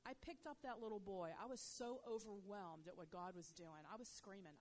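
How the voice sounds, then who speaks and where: A woman telling a faith testimony as a guest, in a conversational style full of "you know", rising loud and high when excited. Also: normal speed, few pauses. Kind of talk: animated faith testimony storytelling.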